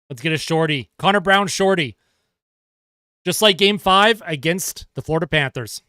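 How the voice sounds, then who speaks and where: Young man, live fan hockey play-by-play, excitable, bright forceful voice, a bit high, dry close sound. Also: moderate pace, no room sound. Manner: excitable play-by-play, chatting with viewers between calls. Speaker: livestream host and hockey fan commentator.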